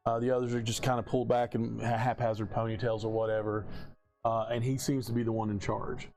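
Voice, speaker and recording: A man narrating a tabletop game as game master, casual and halting, with many ums. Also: medium pitch, level tone, a little mellow, faint music behind. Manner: casual, hesitant with many fillers.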